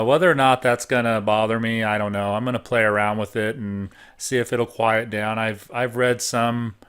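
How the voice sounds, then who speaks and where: A middle-aged man giving a relaxed, casual review of computer hardware at home, thinking out loud with frequent pauses. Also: medium pitch, clear, resonant tone. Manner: relaxed, thinking aloud with fillers. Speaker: tech reviewer.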